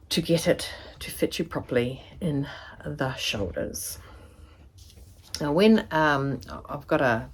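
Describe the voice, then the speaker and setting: Low-voiced chatty New Zealand woman. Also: slight background noise. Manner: chatty, rambling, fond of asides. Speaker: sewing tutor. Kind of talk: casual tutorial chat to camera. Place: home sewing studio indoors.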